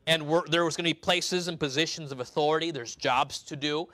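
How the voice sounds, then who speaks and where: A man's voice: fairly high pitch, fairly quick, pushed and bright, dry recording. A man preaching a sermon in a conversational way, explaining scripture verse by verse.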